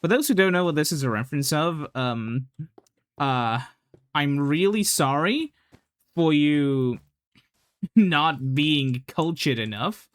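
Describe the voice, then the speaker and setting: A man's voice: on the high side, expressive, takes it slowly, pauses often, clear, resonant tone, no echo. A man casually commenting while he plays a game, rambling with lots of fillers and the odd swear. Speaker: gaming channel host.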